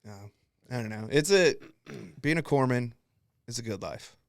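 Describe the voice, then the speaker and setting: Young man, podcast host, casual chat, animated storyteller, swears, middle pitch, dry close sound. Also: normal speed, gravelly, dry recording. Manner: animated storyteller, swears freely, laughs often.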